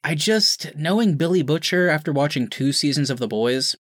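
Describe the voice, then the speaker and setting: A man co-hosting a podcast, talking in an animated, sarcastic and profane way. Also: on the high side, normal speed, no room sound, studio quality. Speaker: podcast co-host. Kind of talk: casual podcast chat.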